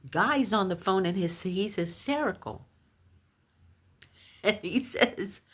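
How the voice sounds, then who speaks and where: A woman recounting a personal paranormal experience, animated and halting, with many restarts when shaken. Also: slightly rough. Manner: animated storytelling, acts out others' voices in high shrieks. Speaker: storyteller.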